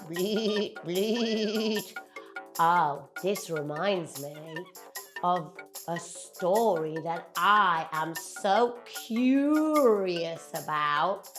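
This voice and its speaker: A young British woman telling a children's story in an animated, playful way, drawing her words out. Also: on the low side, slow, music in the background.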